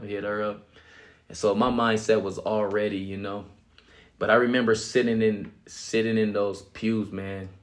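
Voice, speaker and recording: A young man casually telling his life story as a guest, acting out quotes and laughing often. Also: fairly low pitch. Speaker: guest sharing his testimony.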